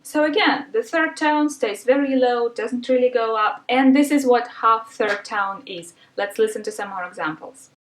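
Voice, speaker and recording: A woman teacher explains pronunciation step by step in a patient, instructive way, with a small filler now and then. Her voice sits a little high. It carries an echo from a room, picked up from a few feet away. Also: normal speed, few pauses. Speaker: language teacher. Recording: roomy sound from a distance.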